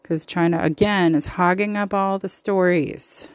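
A woman's voice: fairly low pitch, steady tone, measured pace, dry recording, poor audio. A woman hosting a podcast, giving impassioned, opinionated political commentary with emphatic repetition. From United States. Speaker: podcast host.

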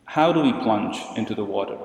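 A man's voice: fairly low pitch, expressive, a little fast, a little mellow, reverberant, in a large hall, rough recording. A man preaching a sermon as a priest, telling stories and posing questions to the congregation in a church.

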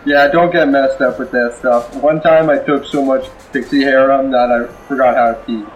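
A man playing a tabletop game, who jokes in a deadpan way. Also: medium pitch, normal speed, soft background music, rough recording. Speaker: player. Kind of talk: tabletop role-play.

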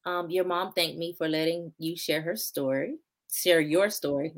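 A woman with a low, deep speaking voice hosts a live-streamed interview. She is warm and encouraging, reads out comments from viewers, and laughs often, her pitch leaping up when she gets excited. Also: moderate pace. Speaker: host.

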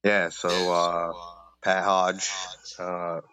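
A man's voice: low voice, little pitch movement, drawn-out words, pushed and bright, smooth, no room sound. A man from Rhode Island chatting as a podcast guest in an easygoing, rambling way with many fillers. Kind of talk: casual podcast chat.

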